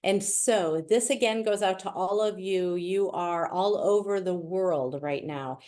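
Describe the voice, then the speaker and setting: A woman's voice: fairly low pitch, measured pace, a little mellow. Chatty woman with a Wisconsin accent. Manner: chatty and playful, with asides. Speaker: guest speaker. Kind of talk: virtual presentation.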